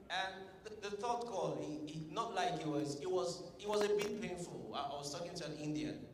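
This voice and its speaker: A Nigerian man performs a stand-up set in a large hall, spinning stories and slipping into pidgin for the punchlines. His voice sits fairly high and comes across from a distance, with long reverb ringing around the room. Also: moderate pace, slight background noise. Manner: storytelling with pidgin asides and acted quotes. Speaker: stand-up comedian. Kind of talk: stand-up comedy set at a tech summit. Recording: echoey hall, distant mic.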